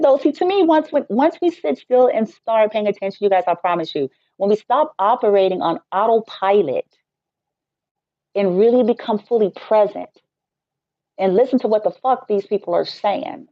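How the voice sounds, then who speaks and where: A woman's voice: medium pitch, moderate pace, pauses often, no echo. A woman who works as a Reiki healer, talking in a casual live-stream rant that is blunt, profane and joking. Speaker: Reiki healer and spiritual teacher. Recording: dull, dry lo-fi sound.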